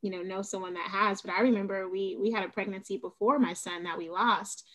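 Animated woman guest on a faith podcast. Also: mid-range voice, fairly quick, low-quality recording. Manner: animated storytelling, many fillers. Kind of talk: casual faith podcast chat.

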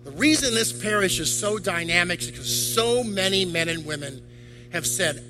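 A man's voice: high-pitched, expressive, normal speed, music in the background, low-quality recording. An older man, a deacon, preaching a sermon to a congregation, firing off rhetorical questions. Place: church.

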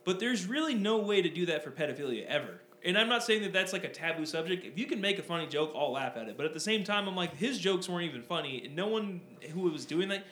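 A man with a high voice talks fast and animatedly, swearing freely and rambling through casual podcast chat. He sounds roomy and echoey, with a faint hum under him. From Southern California. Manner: animated, profane, rambling with many fillers. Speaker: podcast co-host.

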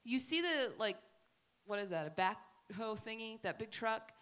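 A woman gives a faith talk to a group, moving between family stories and scripture. Her voice is bright and forceful, set a little higher than most. She tells her stories in a chatty, animated way, full of casual fillers. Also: a little slow, clean tone. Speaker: speaker at a faith gathering.

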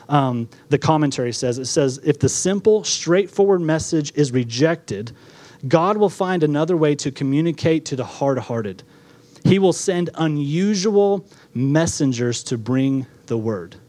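A man preaching a sermon as pastor, conversational and animated, acting out quotes in different voices. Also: a little high.

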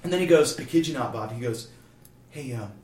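Man from Kansas City, animated storyteller, mic at a distance in an echoey room. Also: medium pitch, fast talker. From Kansas City, USA. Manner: animated storyteller, acts out quoted voices. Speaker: guest telling a story. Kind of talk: casual storytelling interview. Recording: roomy, distant mic, faint room noise.

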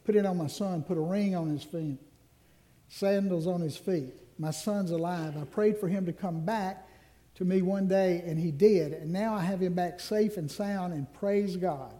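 A forgiving old father, as a preacher puts him on calls for his servants with joy. The voice is high and mellow, close to the preacher's own. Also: normal speed, natural voice. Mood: joyful. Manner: joyful, commanding servants.

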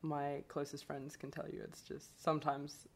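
Woman from Brazil, Portuguese first language, low voice, chatty, laughs often. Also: completely flat delivery, normal speed. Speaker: guest. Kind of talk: casual podcast conversation.

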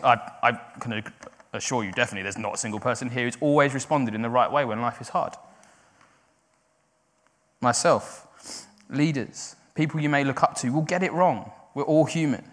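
A man preaching a sermon to a congregation. He swings between loud, raised cries and quiet, conversational explaining. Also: mid-range voice. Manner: builds to loud cries when quoting, then drops quiet and conversational. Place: church hall. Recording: long hall reverb.

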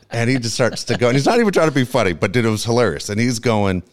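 A man co-hosting a sports podcast, telling quick anecdotes and laughing as he goes. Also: mid-range voice, lively intonation. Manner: fast storyteller, laughs often, mimics people. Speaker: co-host. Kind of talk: casual sports chat.

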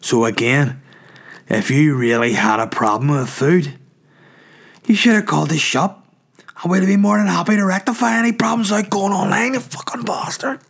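A man's voice: high voice, moderate pace, gravelly, a bit bright, breathy edge, voice pushed up, heavily acted. A man voicing a foul-mouthed older woman who runs a takeaway, scolding and cursing at customers. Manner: scolding, swearing, mock-sweet then cursing.

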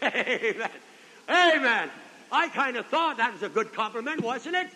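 High-voiced older preacher in echoing hall. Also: male voice, big pitch swings, measured pace, sharp tone, slight background noise. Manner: folksy, repetitive, calls out amen and brethren. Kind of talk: revival sermon storytelling. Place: large convention hall. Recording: 1970s convention hall recording with long reverb.

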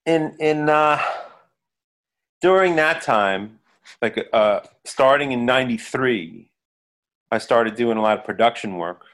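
A man's voice: medium pitch, expressive, fairly bright tone. Middle-aged musician guy rambling thru a story, lots of um and uh. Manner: hesitant storytelling, halting with many fillers. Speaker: musician and producer, guest. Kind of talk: casual interview chat.

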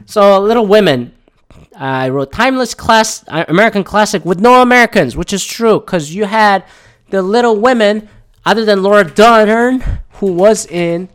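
A man's voice: high-pitched, animated, normal speed, fairly bright tone, clear, resonant tone. A man from Canada runs a casual solo podcast, talking loosely in a slightly raised register. His speech rises and falls a lot, and he rambles with plenty of swearing and dry asides. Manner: profane, rambling, wry. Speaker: podcast host.

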